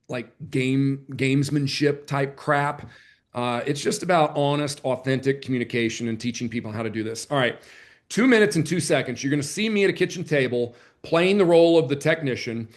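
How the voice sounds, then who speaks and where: A man running a live online sales training, chatty and energetic, joking about himself as he coaches. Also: a little high. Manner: energetic, chatty, self-deprecating. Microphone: computer mic on a video call.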